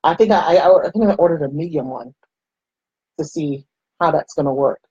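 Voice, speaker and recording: A young adult woman from the United States chatting casually while doing her makeup, telling stories with lively quoted voices. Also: low-pitched, moderate pace, slightly rough, no room sound, highs cut off. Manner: chatty storytelling, animated quoted voices, frequent laughs. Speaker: makeup vlogger.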